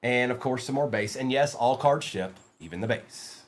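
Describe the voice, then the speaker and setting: Opening packs on a live card-break stream, a man reads out the player names and good-naturedly teases his chat, speaking in a mid-range voice at a moderate pace.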